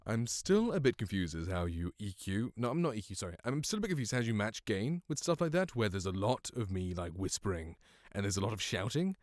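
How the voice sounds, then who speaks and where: A man's voice: on the low side, big pitch swings, a little fast, darkish tone, no echo. A young British man reviewing a microphone in casual, rambling, self-deprecating talk, close on a studio mic at home. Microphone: studio condenser mic, close.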